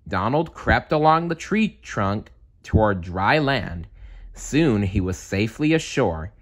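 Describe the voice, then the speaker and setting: A man reading a children's bedtime story aloud in a calm, measured way. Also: lowish voice. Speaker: storybook reader.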